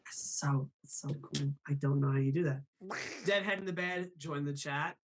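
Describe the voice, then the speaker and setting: A man's voice: fairly high pitch, moderate pace, noisy background. Chatty male live-stream host. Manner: apologetic, chatty, laughs often. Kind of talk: casual live-stream chat.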